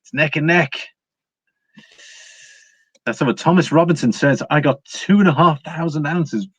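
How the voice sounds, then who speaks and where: A man's voice: medium pitch, no echo. An English man hosting a casual livestream about precious metals, chatty and full of fillers, greeting viewers by name as he reads the chat. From England. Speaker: livestream host. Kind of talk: casual live-chat market commentary. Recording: dry, slightly dull home recording.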